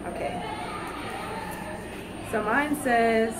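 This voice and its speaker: A woman's voice: fairly high pitch, very slow, heavy background noise. A young woman in her twenties, a student guest, introducing herself in an upbeat presenter way. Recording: loud crowd behind, public indoor space.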